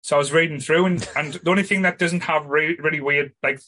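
A man chats as a podcast co-host, his voice sitting a touch high. He tells stories animatedly, breaking into laughs and casual swearing. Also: steady tone, quick pace, pushed and bright. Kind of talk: casual chat.

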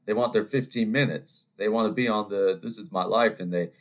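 A man hosting a solo podcast, telling rambling anecdotes in an animated, conversational way. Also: fairly low pitch, brisk, hardly any pauses. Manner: animated storytelling, rambling asides, mock voices. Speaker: podcast host. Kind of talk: solo ranting monologue.

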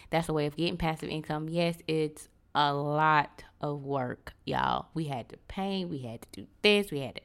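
A woman's voice: lowish voice, a bit bright, smooth. A woman in her late twenties hosting a casual solo podcast, chatting freely and calling her listeners y'all. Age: 20s. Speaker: podcast host.

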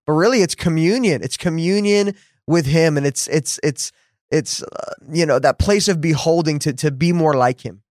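A male podcast host with a fairly high voice talks in a casual, affirming way and tells his story in bursts. The recording is dry and close-miked. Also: normal speed, darkish tone, no room sound. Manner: affirming, lots of mm-hmms, storytelling. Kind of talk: casual conversation.

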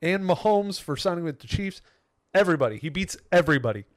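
A man's voice: sits high, no room sound, studio quality. Laughing young male podcast co-host. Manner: animated, laughs often, talks fast when excited. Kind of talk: casual podcast chat.

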